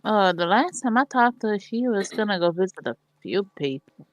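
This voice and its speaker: A woman's voice: medium pitch, expressive, normal speed, no room sound, highs cut off. A woman playing a tabletop game, talking hesitantly with fillers. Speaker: player. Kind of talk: casual tabletop play.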